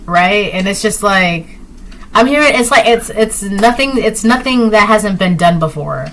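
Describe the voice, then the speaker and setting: A woman talks through a tarot reading in an easy, rambling way, looping back on her phrases and leaning on fillers. Her voice is bright and clear and sits at a middle pitch. A faint hiss of noise stays under her voice. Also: expressive, unhurried. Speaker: tarot reader. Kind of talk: casual spoken tarot reading.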